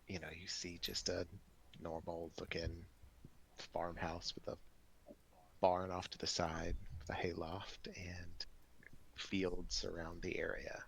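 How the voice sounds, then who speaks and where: A man narrating as game master in a relaxed, rambling way. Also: sits low, slow pace, creaky, husky.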